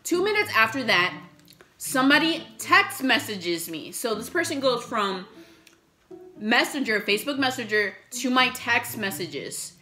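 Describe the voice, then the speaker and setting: Young female vlogger, chatty and foul-mouthed, bright voice in an echoey room. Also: on the high side, expressive, a little slow. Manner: chatty, swears a lot, acts out quotes. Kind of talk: casual storytelling while eating. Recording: echoey room with faint music.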